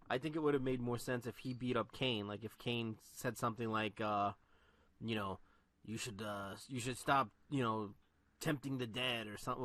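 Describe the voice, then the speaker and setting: A man's voice: mid-range voice, fairly bright tone. A man co-hosting a casual podcast, talking in a laid-back way that leans on "you know" and "like". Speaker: podcast co-host. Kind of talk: casual wrestling chat.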